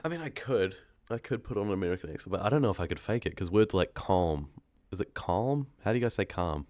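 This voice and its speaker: A man's voice: low-pitched, a little fast, darkish tone, dry recording. A young man with a New Zealand accent chatting casually with his livestream viewers, rambling and often trailing off mid-thought. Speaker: horror story narrator chatting on a livestream.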